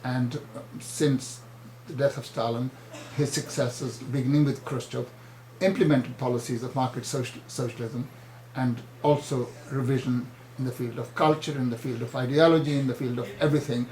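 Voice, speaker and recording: An older man answering interview questions firmly and insistently, often halting mid-sentence. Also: medium pitch, steady tone, darkish tone, roomy sound, slight background noise, poor audio. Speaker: party chairman, interview guest.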